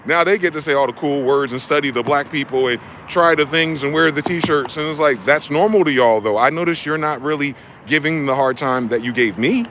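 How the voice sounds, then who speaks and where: A man's voice: a little high, a bit bright, a little hiss or hum. A man from New Jersey delivering a heated, profane ranting monologue as a vlogger. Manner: profane, heated, fast-talking.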